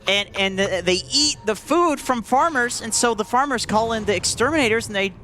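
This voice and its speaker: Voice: mid-range voice, animated, fairly quick, pushed and bright, slight background noise. A color commentator on a live video game broadcast, playful and teasing in banter with the play-by-play caster, speaking into a headset.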